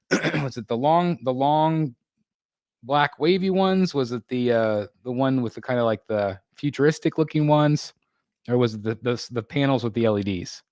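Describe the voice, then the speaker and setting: Speaking in a mid-range, slightly mellow voice, a livestream host reads out viewer comments from a home room under construction. The recording is dry and studio quality. His delivery is halting and casual, packed with fillers and restarts, and he laughs often.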